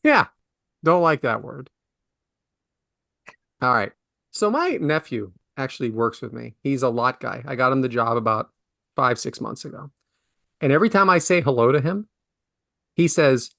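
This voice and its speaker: A man's voice: fairly high pitch, vocal fry, a bit bright, no room sound, clean studio sound. A man co-hosting a casual podcast, ranting in mock outrage about words he hates. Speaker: podcast co-host.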